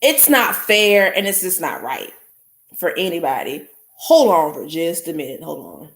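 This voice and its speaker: A woman's voice: on the low side, a little slow, reverberant. A woman, telling a story to her listeners in a blunt, casual podcast monologue. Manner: animated, blunt, addresses listeners as y'all. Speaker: podcast host.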